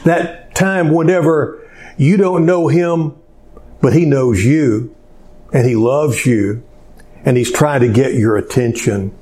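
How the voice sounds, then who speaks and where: A man preaching a sermon in a slow, conversational way, pausing often with fillers. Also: medium pitch, a little mellow. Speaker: pastor.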